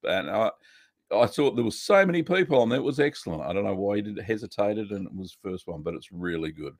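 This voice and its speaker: An Australian man hosting a casual live stream, chatting in a relaxed way and greeting viewers one by one. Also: lowish voice, fast talker, gravelly, no echo, studio quality.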